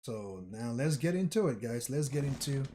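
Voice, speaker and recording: A man's voice: medium pitch, expressive, moderate pace, dark tone, slight background noise. A man casually reading a manga chapter aloud with his own commentary, often stumbling and correcting himself. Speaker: manga reader and channel host.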